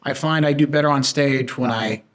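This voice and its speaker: A man's voice: medium pitch, moderate pace, a bit bright. A man guest on a podcast, talking casually in an earnest, plain-spoken way. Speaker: guest improviser. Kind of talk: casual chat.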